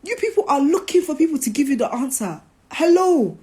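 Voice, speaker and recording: A woman hosting a live stream, talking casually, animated and preachy, with playful jabs. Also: sits high, quick pace. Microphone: phone.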